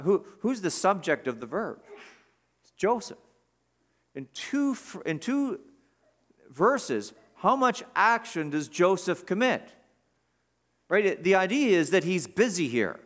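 A man with a slightly higher-pitched voice preaches an expository sermon. He talks emphatically, repeats his main points and leans hard on chosen words as he reads scripture aloud. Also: sing-song, slow, pauses often, a bit bright. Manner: emphatic, repeats key phrases; stresses words while reading scripture aloud.

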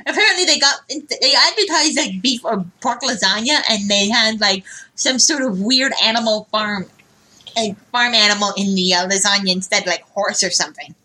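A woman's voice: medium pitch, normal speed, pushed and bright. A woman chatting on a podcast, teasing her partner with playful quips. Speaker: podcast guest, host's partner. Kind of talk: casual podcast chat.

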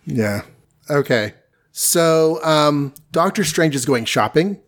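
A man's voice: a little high, lively intonation, takes it slowly. Casual man recapping comics. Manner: recaps stories loosely, with offhand asides. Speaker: podcast co-host reviewing comics. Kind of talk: casual chat.

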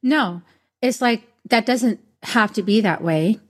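A woman's voice: fairly high pitch, slow pace. A woman in her fifties hosting a podcast conversation, talking in an earnest, emphatic way. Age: 50s. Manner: earnest and emphatic, speaking up for herself. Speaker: podcast host. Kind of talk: casual conversation.

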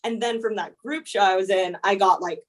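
A woman's voice: medium pitch, brisk. A young woman from the USA, an illustrator being interviewed, talking casually with many fillers. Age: young adult. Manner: relaxed, frequent "like" fillers, laughs easily. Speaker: illustrator and painter guest.

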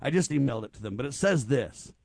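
A man's voice: medium pitch, animated, quick pace, gravelly, a little mellow, dry recording. A man hosting a talk show, chatting casually and joking as he puts questions to his co-hosts.

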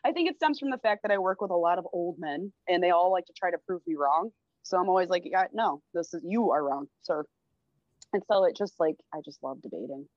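A woman's voice: fairly low pitch, animated, fast talker, no room sound, muffled recording. A woman casually telling a rowdy story on a podcast, swearing freely and laughing as she goes. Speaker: podcast guest.

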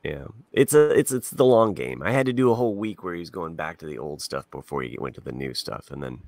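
A man's voice: rumbling low, expressive, fast talker, gravelly, a little mellow, no echo. A man co-hosting a podcast, chatting casually and rambling through anecdotes. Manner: rambling, laughs easily. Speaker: podcast co-host. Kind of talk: casual chat.

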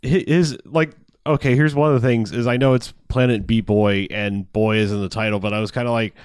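A man's voice: medium pitch, steady tone, a little fast, a little mellow, clear, resonant tone, no echo, clean studio sound. A man in casual chat, recapping a film in a rambling, profane way, laughing often and acting out lines from it.

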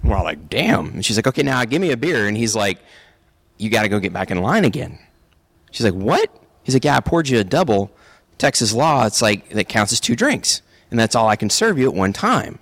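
A man's voice: mid-range voice, fairly quick. A man attending a convention, telling a story casually and acting out the quotes. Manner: animated, acts out quotes.

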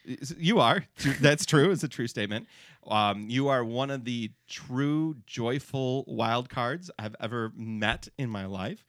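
A man hosting a podcast, heaping praise on his guest in a halting way, with many restarts. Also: mid-range voice, lively intonation, fairly bright tone, no room sound, studio quality. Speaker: podcast host. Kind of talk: casual podcast chat.

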